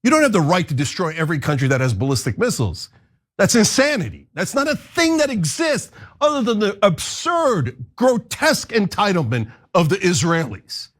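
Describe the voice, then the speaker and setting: A man's voice: sits high, big pitch swings, moderate pace, fairly bright tone. A man from the United States hosting a show, delivering a heated, blunt and profane political rant. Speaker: host.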